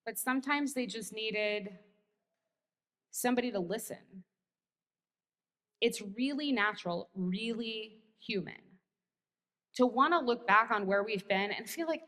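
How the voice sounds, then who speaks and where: A woman's voice: fairly high pitch, unhurried, pauses often, bright, forceful tone. American woman pastor, sermon with wry self-mocking humor, long church-hall reverb.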